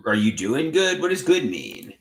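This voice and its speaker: A man's voice: medium pitch, huge pitch swings, normal speed, gravelly. Rambling man chatting on a livestream. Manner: rambling, repeats words, greets viewers by name. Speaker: livestream host. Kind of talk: casual livestream chat reading comments.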